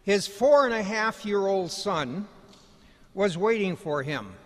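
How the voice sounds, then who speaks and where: A man giving a commencement speech, telling stories in a folksy, gently humorous way. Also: high-pitched, lively intonation, takes it slowly. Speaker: commencement speaker. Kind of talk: ceremonial speech with storytelling. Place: commencement ceremony hall. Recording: large hall reverb.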